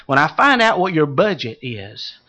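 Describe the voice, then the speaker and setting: A man preaching a sermon, swinging from loud calls to hushed low asides. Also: very animated, normal speed. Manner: dramatic shifts from shouting to hushed low tones.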